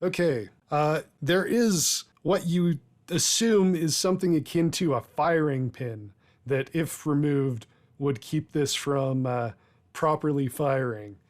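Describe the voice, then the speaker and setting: A man narrating as game master of a tabletop game, measured and deliberate, with filler pauses. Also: fairly high pitch.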